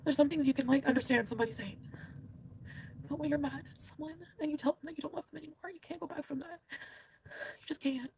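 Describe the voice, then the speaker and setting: A woman's voice: high voice, steady tone, fast, vocal fry, slight background noise. A woman talking frankly to her vlog viewers, rambling and filling her speech with "like" and swearing. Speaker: vlogger. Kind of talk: candid vlog talk.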